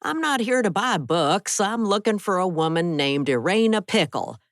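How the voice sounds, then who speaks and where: A woman's voice: mid-range voice, sing-song, moderate pace, no room sound, clean studio sound, pitched above the performer's own voice. A woman voicing a menacing gray-haired older man who is a pushy stranger making veiled threats, in an audiobook. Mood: probing.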